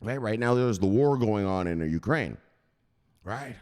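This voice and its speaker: A man's voice: fairly low pitch, expressive, a little slow, a little mellow, clean tone, in a large hall. A man hosting a crypto news channel, rambling and joking with plenty of swearing. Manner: profane, rambling, jokey. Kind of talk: casual joking monologue.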